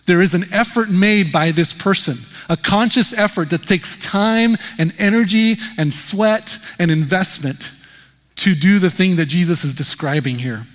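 A man's voice: high voice, a little slow, a bit bright, in a large hall. A man preaching a sermon as pastor, talking in a conversational, emphatic way with rhetorical questions.

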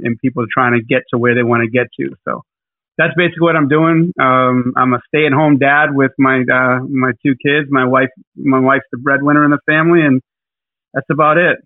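A man's voice: medium pitch, no echo. A man co-hosting a casual podcast, talking in a rambling, hesitant way with lots of fillers. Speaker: podcast co-host. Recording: tinny phone-like line.

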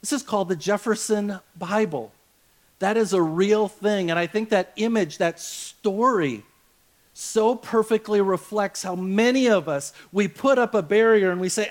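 High-voiced male pastor preaching casually. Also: unhurried. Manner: casual storytelling, acts out quoted voices. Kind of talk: sermon.

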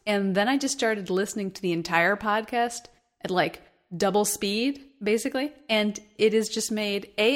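A woman co-hosting a podcast in casual chat, chatty and giggly as she jumps between topics. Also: mid-range voice. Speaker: podcast co-host.

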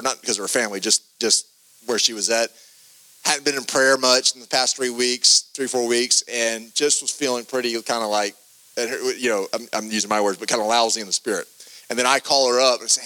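A man preaching a podcast sermon, earnest and animated, reading scripture with emphatic stress and loose restarts. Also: medium pitch, low-quality recording.

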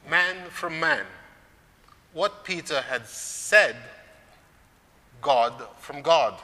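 A man preaching a sermon on scripture, measured, lifting his voice for emphasis. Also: a little high, lively intonation, sharp tone, long reverb tail.

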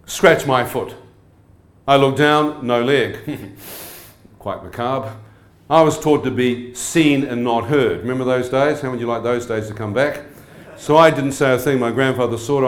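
A man delivers an animated sermon, speaking at a medium pitch. He keeps throwing questions out to his listeners. His voice rings in an echoey hall. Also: unhurried. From New Zealand. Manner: animated, asks the crowd questions. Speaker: evangelist. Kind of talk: sermon testimony.

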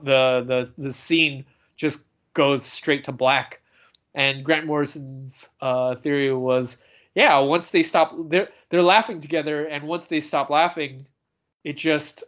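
High-voiced man, rambling podcast chat. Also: a bit bright, highs cut off. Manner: rambling, laughs often, fumbles for words. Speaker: podcast co-host. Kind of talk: casual chat.

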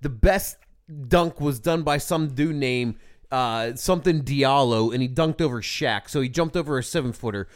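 A man co-hosting a podcast, talking in a casual, animated, ranting way with plenty of swearing. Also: medium pitch, normal speed. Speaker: podcast co-host. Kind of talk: casual chat.

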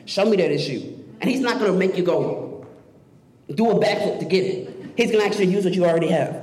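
Fast-talking young man preaching in an echoey hall. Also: sits high. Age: young adult. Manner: excitable, rushes ahead. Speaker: student speaker. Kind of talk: youth sermon. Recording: echoey hall with faint noise.

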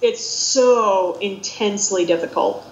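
A woman with a Midwestern American accent, co-hosting a casual podcast chat in an animated, rambling, self-deprecating way. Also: medium pitch, slow. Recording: roomy, dull lo-fi sound.

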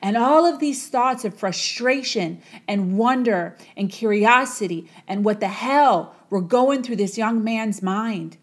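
A woman's voice: on the high side, unhurried, few pauses. A woman telling a motivational parable in a dramatic, repetitive storytelling manner. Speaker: motivational speaker. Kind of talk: storytelling talk.

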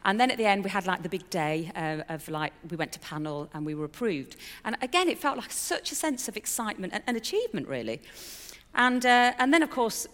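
A woman's voice: medium pitch, very animated, fairly quick, a bit bright. Woman telling her story in a hall. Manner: candid, chatty storytelling with fillers and self-mockery. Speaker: speaker sharing a personal testimony. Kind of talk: personal testimony talk.

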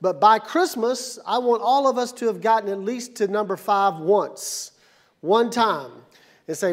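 A male pastor delivers a sermon in a church. His voice sits very high for a man. He moves from calm, steady teaching to shouted, energetic call-and-response with the congregation. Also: unhurried. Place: church sanctuary.

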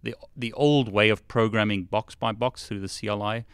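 Low-voiced man giving study advice. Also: fairly even intonation, moderate pace, clear, resonant tone, no room sound, studio quality. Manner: plain-spoken, advising. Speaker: co-host. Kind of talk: casual live-stream advice.

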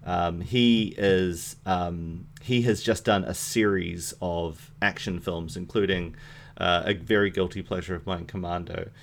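A man's voice: sits low, fairly even intonation, a little slow, a little hiss or hum. A man co-hosting a podcast, chatting casually and enthusiastically about films, swearing freely and trailing off into fillers. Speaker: podcast co-host. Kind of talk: casual movie chat.

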